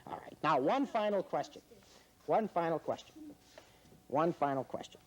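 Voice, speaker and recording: Male game show host with a slightly high voice, dry, teasing humor, mock-solemn delivery. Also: expressive, moderate pace, highs cut off. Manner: wry, teasing, mock-serious. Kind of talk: joking quiz-show hosting. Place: in front of a studio audience.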